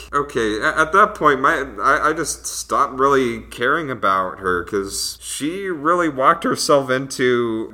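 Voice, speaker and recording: A male vlogger reviewing a film in a loose, rambling way. He restarts sentences often and drops wry asides. His voice is mid-pitched with a bright, forward tone. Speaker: movie reviewer. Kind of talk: casual movie review vlog.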